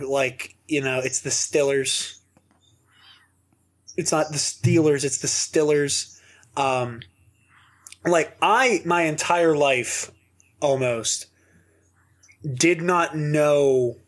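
A man from the Pittsburgh area with a Pittsburgh accent, rambling in casual podcast chat, with lots of fillers and laughs. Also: on the high side. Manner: rambling, laughs often, many fillers and restarts. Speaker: podcast guest.

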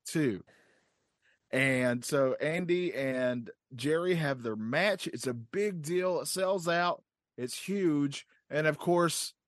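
A man's voice: fairly high pitch, no room sound. Eager man retelling a story, dry sound. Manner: enthusiastic storyteller with frequent fillers. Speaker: podcast co-host. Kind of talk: casual podcast chat retelling wrestling history.

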